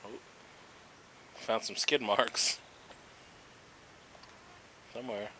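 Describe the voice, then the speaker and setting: A man with a fairly low voice gives relaxed, chatty commentary over a video game. His tone is bright and forceful, with faint background noise behind him. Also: extremely slow, low-quality recording. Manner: relaxed, chatty, explains game mechanics as he plays. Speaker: gaming video host. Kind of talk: casual gameplay commentary.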